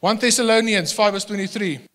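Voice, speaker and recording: A male pastor preaching a sermon, animated and given to repeating words as he restarts, speaking without a microphone in a church hall. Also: high voice, a little fast. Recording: long hall reverb, no microphone.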